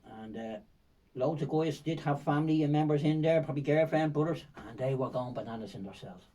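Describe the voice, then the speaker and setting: A man's voice: on the high side, fairly quick, warm tone, far from the mic, poor audio. An older man from Ireland with a Dublin accent, a podcast guest who tells vivid, rambling stories full of fillers and repeats. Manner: rambling, vivid storytelling with frequent fillers and repetitions. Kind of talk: storytelling in a podcast interview.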